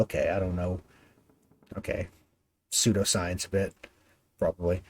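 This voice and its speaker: A man's voice: sits low, flat delivery, unhurried, pauses often, a little mellow. A man streaming a story game, who reads its text aloud and adds casual, self-deprecating asides.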